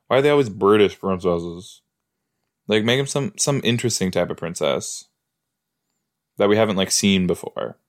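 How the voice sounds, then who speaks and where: A man with a lowish voice talks through an episode as a casual watch-along. He speaks slowly and thinks aloud. He is chatty and joking, with plenty of filler words. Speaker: podcast host.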